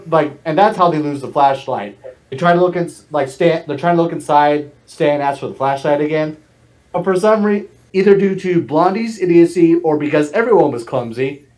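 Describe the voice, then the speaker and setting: A man with a somewhat high voice in a relaxed podcast chat. He explains things haltingly, restarting sentences and leaning on filler words as he goes. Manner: hesitant, many fillers and restarts while explaining. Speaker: podcast co-host. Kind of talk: casual chat.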